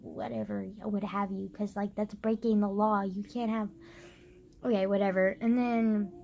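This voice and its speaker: In a flat, mid-range voice with vocal fry and a darkish tone, this young woman vlogs a casual rant at normal speed, with a little hiss or hum audible. She's sarcastic and fed up, says "like" constantly, drops the occasional swear, and imitates people in over-the-top voices.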